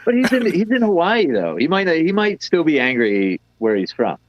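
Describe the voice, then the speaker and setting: A man's voice: fairly high pitch, huge pitch swings, moderate pace, dull audio. A man who organizes a comedy festival, chatting as a guest and telling easygoing stories. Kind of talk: casual chat.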